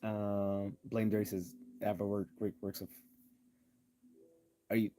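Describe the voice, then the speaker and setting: A man's voice: on the low side, little pitch movement, takes it slowly, mellow, a little hiss or hum. A man hosting a casual livestream lecture on logical fallacies, with sardonic asides and frequent ums. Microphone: desktop computer mic.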